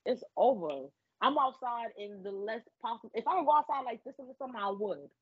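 A woman with a New York accent talks as a guest in loose, animated, profane chat. Her pitch sits mid-range for a woman. The audio is dull and lo-fi, with a faint hiss behind her. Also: fairly quick. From the Bronx, New York. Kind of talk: casual interview chat.

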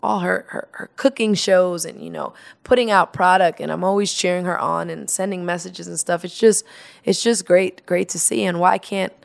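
Her voice is gravelly and fairly low, moving at a normal speed. As a guest in a relaxed interview, she laughs through animated stories and performs the quotes she's recounting.

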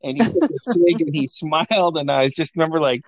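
A man's voice: a little high, moderate pace. A middle-aged man hosting a podcast, telling stories about his childhood, laughing often, swearing and acting out the voices of the people in them. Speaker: podcast host. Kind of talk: casual family storytelling.

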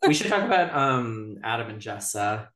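A woman's voice: a bass voice, very animated, normal speed, a bit bright. A woman co-hosting a podcast, chatting casually about a TV episode with lots of "like" fillers. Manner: chatty, frequent "like" fillers, giggly. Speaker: podcast co-host. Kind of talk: casual chat recapping a TV episode. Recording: roomy echo.

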